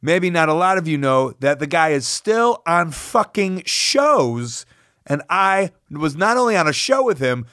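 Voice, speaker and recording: A man hosting a podcast, telling stories in an animated, casual way, swearing and acting out quotes, and interviewing guests. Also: a little high, no echo, clean studio sound. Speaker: podcast host. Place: podcast recording and travel audio.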